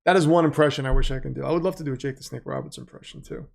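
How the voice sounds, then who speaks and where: A man's voice: mid-range voice, very fast, creaky, darkish tone. A middle-aged man hosting a livestream, chatting casually, reading out donations and chat messages and calling game plays. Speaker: livestream host.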